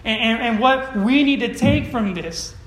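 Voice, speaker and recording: A male pastor delivers a sermon from a church sanctuary, with a voice that sits notably high for a man. He tells stories earnestly and then drives his points home with emphatic declarations. The sound carries a roomy echo from the hall. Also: lively intonation, measured pace, a bit bright.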